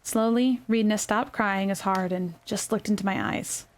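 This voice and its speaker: A young adult woman reading her own novel aloud in a quiet, gentle ASMR narration, with small self-corrections. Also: medium pitch, steady tone, moderate pace. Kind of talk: soft-spoken ASMR story reading.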